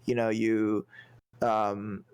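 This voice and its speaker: A man's voice: fairly low pitch, flat delivery, very slow, a little mellow, clear, resonant tone. A man co-hosting a podcast, chatting casually about a film, rambling and searching for words with lots of fillers. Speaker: podcast co-host. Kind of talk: casual movie review chat.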